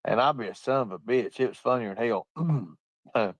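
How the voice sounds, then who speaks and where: A man's voice: medium pitch, normal speed, dry recording. A man telling profane stories through bursts of laughter while he chats on a livestream and reads out comments. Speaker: livestream host. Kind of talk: casual livestream chat reading comments.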